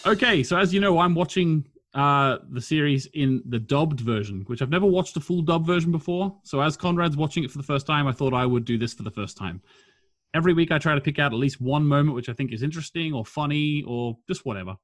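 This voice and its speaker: A man hosting a casual podcast, chatty and quick to laugh, reading out listener comments. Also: fairly high pitch, fairly bright tone. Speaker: podcast host. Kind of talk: casual chat.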